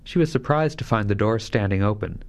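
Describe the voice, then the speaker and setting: A man's voice: lowish voice, animated, brisk. A man narrating a fairy tale, shifting his voice lightly for each character. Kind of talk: scripted fairy-tale reading.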